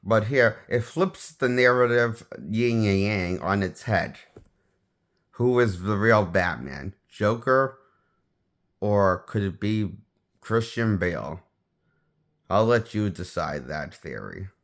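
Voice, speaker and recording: A man with a fairly low voice talks through a film review in a loose, unscripted way. He often breaks off and restarts his sentences as he goes. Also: expressive, slow, a bit bright. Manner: rambling, restarts sentences, offhand opinions. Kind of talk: casual spoken movie review.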